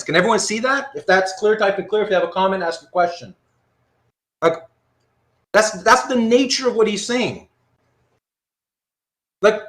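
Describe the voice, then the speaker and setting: A man teaching a live online philosophy class, working through examples out loud and often checking that his students follow. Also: sits high. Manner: animated, thinks aloud with frequent rhetorical checks. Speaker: philosophy lecturer.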